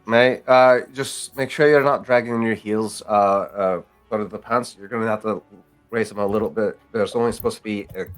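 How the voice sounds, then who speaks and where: A man's voice: fairly low pitch, steady tone, moderate pace, soft background music. A man narrating as game master, casual and rambling, calling players mate.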